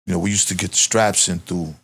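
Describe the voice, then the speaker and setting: Interview guest, man, Boston accent, low-pitched, animated street storyteller. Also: quick pace, breathy edge. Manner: animated, profane street storytelling, rises in pitch when reliving tense moments. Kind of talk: casual storytelling.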